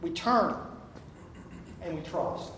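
His pitch fairly high and a bit bright, the pastor moves slowly and expressively through an emphatic sermon packed with rhetorical questions. There's a little hiss or hum, and the church sanctuary sounds echoey with faint room ambience.

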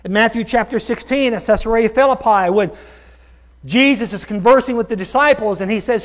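A man's voice: high voice, lo-fi sound. A male pastor preaching a sermon, calling his listeners folks and stretching out key words for emphasis. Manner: emphatic preaching with slow drawn-out stresses.

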